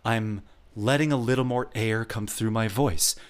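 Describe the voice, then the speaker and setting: A man's voice: fairly low pitch, a little slow, clear, resonant tone. A man co-hosting a casual podcast, patiently explaining vocal technique and demonstrating. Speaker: co-host giving a voice lesson.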